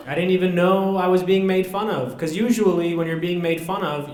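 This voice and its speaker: A young man from Southern California doing deadpan, self-deprecating stand-up comedy at a college student center, with filler pauses. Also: high-pitched. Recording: echoey room.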